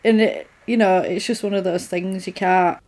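This medium-pitched woman talks at an ordinary pace while retelling a horror movie, quoting and acting out what the characters say in a lively, casual way.

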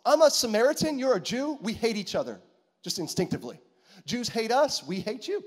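A man's voice: very high voice, sing-song, brisk, voice pushed up, heavily acted. A man putting on a sassy, indignant woman at a well. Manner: sassy, mocking, exasperated.

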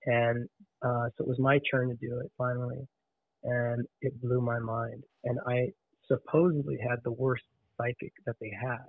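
A man telling a story in casual conversation, animated, often restarting and repeating words. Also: medium pitch, moderate pace, vocal fry, dry recording. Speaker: podcast guest. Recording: tinny phone-line sound.

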